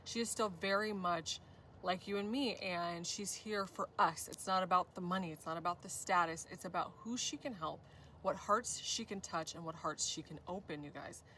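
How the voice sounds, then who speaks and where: Woman doing a tarot reading, gushy and effusive, bright voice, a bit far from the mic. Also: fairly low pitch, moderate pace, a little hiss or hum. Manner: gushing, repeats "you guys", effusive praise. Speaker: tarot reader.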